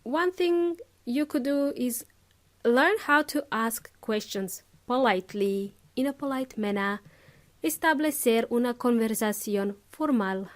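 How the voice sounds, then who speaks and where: Woman, English-lesson podcast host, slow and careful, repeats example phrases. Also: fairly high pitch, animated. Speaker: English teacher.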